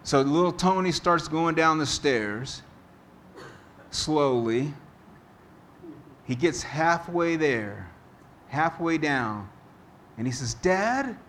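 Man, pastor preaching a sermon, unhurried storytelling, faint background hiss. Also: fairly high pitch, a bit bright. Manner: slow, deliberate preaching with storytelling.

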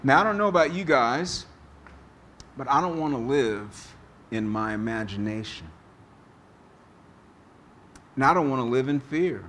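A man preaching a sermon as pastor, slow and deliberate, telling a story to make his point. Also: mid-range voice, expressive, a bit bright, slight background noise.

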